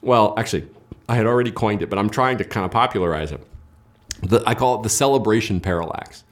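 A man's voice: lowish voice, quick pace. A man, the guest in a casual political conversation, talking emphatically and argumentatively, often repeating words as he builds his points. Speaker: interview guest.

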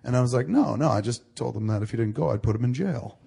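A man's voice: mid-range voice, fast talker, gravelly, husky. A middle-aged man telling a long story in casual talk, swearing freely and acting out the people he quotes. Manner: swearing, animated storyteller quoting others. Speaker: podcast host.

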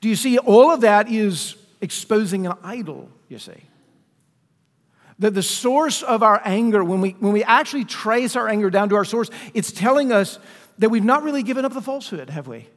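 A man with a high voice preaches to his congregation in a relaxed, conversational way. He keeps asking questions of his listeners. His voice rings out with a long reverb from the church around him. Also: normal speed. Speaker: pastor. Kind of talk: sermon. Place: church sanctuary.

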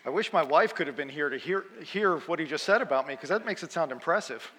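Bright-voiced man in his fifties, preaching. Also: a little high, expressive, fast talker, long reverb tail, slight background noise. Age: 50s. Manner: self-deprecating, chatty, laughs at own jokes. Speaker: guest preacher. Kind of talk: humorous storytelling sermon.

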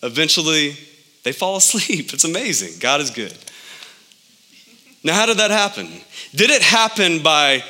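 A man in his thirties preaching a sermon as pastor, animated, with his pitch jumping up for emphasis. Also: moderate pace.

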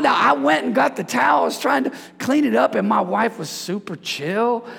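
A man preaching a lively sermon as pastor, joking and calling out to the congregation. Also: very high-pitched, normal speed, gravelly, hardly any pauses, slightly rough. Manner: animated, preachy, jokes with congregation. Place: church sanctuary. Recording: hall reverb.

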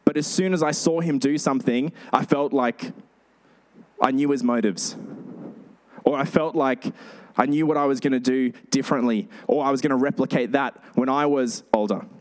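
A male pastor giving a sermon, telling lively stories with animated delivery. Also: medium pitch, moderate pace. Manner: storytelling, animated.

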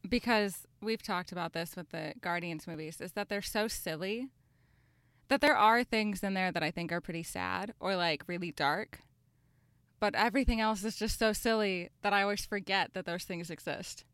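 A woman's voice: mid-range voice, moderate pace, a bit bright, clear, resonant tone, dry recording, studio quality. A woman co-hosting a podcast, chatting casually and thinking aloud, with many filler words. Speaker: podcast co-host. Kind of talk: casual chat.

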